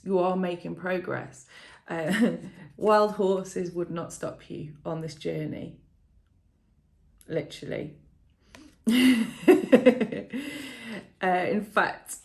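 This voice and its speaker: A woman giving a tarot reading to viewers in a casual, emotional way, often laughing softly and thinking aloud with fillers and restarts. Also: on the low side, creaky. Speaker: tarot reader.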